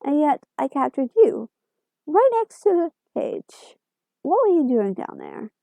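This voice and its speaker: A smug, boastful rich man who collects aliens, played by a woman reading a story. He speaks a little high and mellow, close and dry. A storybook villain who loves to show off. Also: very animated, measured pace, creaky, dry recording, heavily acted.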